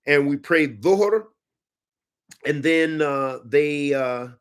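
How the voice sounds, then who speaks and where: A man teaching and answering religious questions in a conversational, animated way, often restarting his sentences. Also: fairly high pitch, drawn-out words, clean tone. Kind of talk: Q&A talk.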